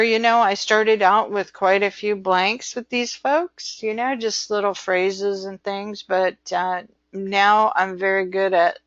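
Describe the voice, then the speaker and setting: An American woman lectures in a relaxed, rambling way, peppering her talk with ums and "you know." Her pace is unhurried and deliberate. The recording is dry and a little muffled. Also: mid-range voice, no room sound. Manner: chatty, filler-heavy, slow and deliberate. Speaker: instructor.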